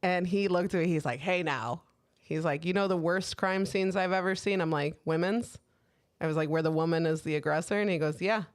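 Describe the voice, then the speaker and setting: A woman's voice: lowish voice, brisk. A woman co-hosting a podcast, telling candid stories in casual chat with plenty of swearing. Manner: candid, swearing storyteller who quotes herself. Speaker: podcast co-host.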